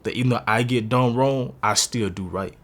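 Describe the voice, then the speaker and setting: A man's voice: medium pitch, moderate pace. A man in his twenties telling his own life story in an earnest, confessional and emotional way. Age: 20s. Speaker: interviewee sharing a personal story. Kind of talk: candid personal testimony.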